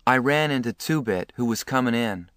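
A man narrating a novel aloud in a measured, earnest voice. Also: mid-range voice, expressive, a bit bright, smooth, no echo, clean studio sound. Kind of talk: audiobook reading.

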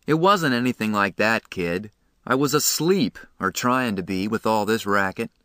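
A man's voice: lowish voice, moderate pace, pushed and bright, no echo, clean studio sound. A man reading a tough, cocky teenage hoodlum, offhand and contemptuous, in a storybook reading.

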